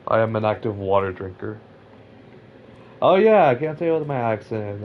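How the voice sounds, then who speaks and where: A man's voice: lowish voice, moderate pace, muffled recording, a little hiss or hum. A young man from California, chatting casually while playing Minecraft online, rambling, stammering and poking fun at himself. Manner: rambling, self-mocking, stammers when excited. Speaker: Minecraft player. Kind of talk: casual gaming chat.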